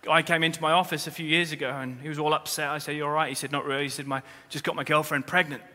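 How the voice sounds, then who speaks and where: A man preaching a sermon as pastor, speaking straight to the congregation with humorous asides, and rising to loud, emphatic peaks. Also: fairly high pitch, little pitch movement, rapid-fire. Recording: long reverb of a large hall.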